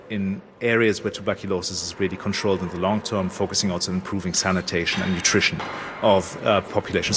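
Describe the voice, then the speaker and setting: A man, a historian, explaining history in a measured academic way while standing at a historic site. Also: fairly low pitch, noisy background.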